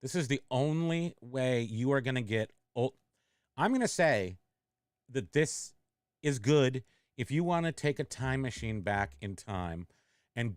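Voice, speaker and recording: A middle-aged man talks loosely on a livestream, trailing off, restarting, and answering chat comments as they come in. His voice is smooth and clear, in the middle of the range for a man. The sound is close and dry. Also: medium pitch, no echo. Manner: rambling, self-interrupting, reads chat comments aloud. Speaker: online reseller and livestream host.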